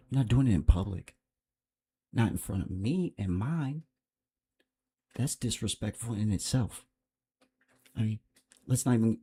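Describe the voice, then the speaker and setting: A man with a fairly low voice hosts a livestream and talks off the cuff. His commentary is blunt and profane, and he rambles from point to point. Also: warm tone. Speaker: livestream host.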